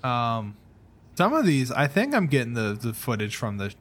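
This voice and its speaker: A man's voice: medium pitch, huge pitch swings, normal speed, fairly bright tone. A man with a mid-range voice co-hosts a casual podcast. He rambles and stops short, often starting his sentences over. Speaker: podcast co-host. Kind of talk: casual chat.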